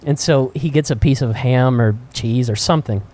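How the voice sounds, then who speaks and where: A man co-hosting a podcast, telling profane, animated anecdotes with frequent laughter in casual chat. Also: mid-range voice, moderate pace. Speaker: podcast co-host. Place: cigar shop.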